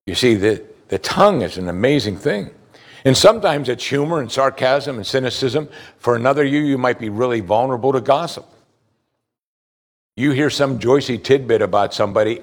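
Male pastor, sermon delivery, mid-pitched, emphatic, questions the congregation directly. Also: expressive, fairly quick.

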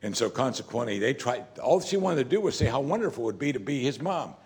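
A man's voice: medium pitch, sing-song, quick pace, darkish tone. A man preaching a sermon as pastor, talking in a conversational, emphatic way and often saying "you see".

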